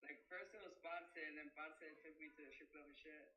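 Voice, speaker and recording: A man's voice: fairly high pitch, fairly even intonation, fairly quick, bright, forceful tone, recorded from a distance. A young man hosting a live stream, chatting casually, full of slang and swearing. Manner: slangy, swears a lot, rambling. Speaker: stream host. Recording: echoey room, off-mic, dull sound.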